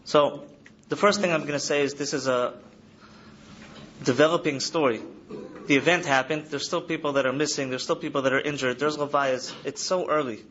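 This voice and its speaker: A man in his thirties gives an earnest lecture to students, a slightly higher voice and key phrases said again and again. The recording sounds dull and lo-fi, a faint hiss behind him. He seems to be speaking in a study hall. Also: steady tone, normal speed, a bit bright. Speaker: trauma counselor speaking to yeshiva students. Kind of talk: lecture to an audience.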